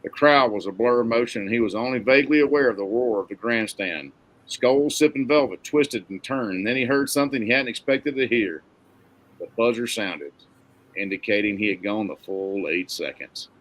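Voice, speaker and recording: Man reading a western novel out loud, steady and plain. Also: on the low side, normal speed, rough recording. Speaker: narrator.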